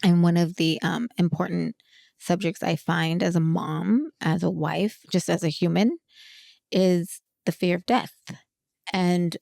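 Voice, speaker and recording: A woman's voice: lowish voice, gravelly, a little mellow, dry recording, clean studio sound. A woman in her forties hosting a podcast, chatting expressively and laughing often. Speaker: podcast host. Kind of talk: casual podcast interview.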